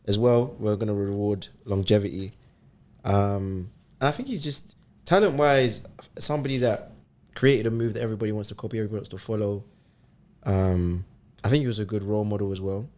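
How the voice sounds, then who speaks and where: A man co-hosting a casual sports podcast, his voice sitting fairly low. He talks in an easygoing way and thinks aloud, pausing often as he builds his point. He sounds relaxed rather than rushed. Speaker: podcast co-host.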